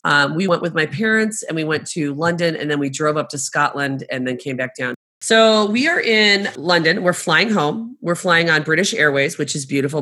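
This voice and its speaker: A middle-aged travel agent with a low voice tells stories in casual conversation. She's animated, laughing often as she acts out what people said.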